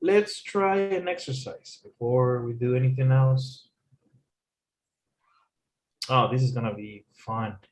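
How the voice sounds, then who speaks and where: Slow-talking man teacher. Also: medium pitch. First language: Spanish. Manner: slow, careful explaining with restarts. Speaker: English teacher. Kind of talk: explaining a lesson. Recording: echoey room.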